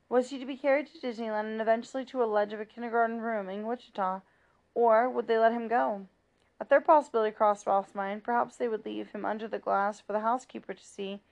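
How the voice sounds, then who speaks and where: A woman reads a children's novel aloud in a steady, plain narrating voice. Her pitch sits slightly high, and she makes small slips and restarts along the way. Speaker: reader.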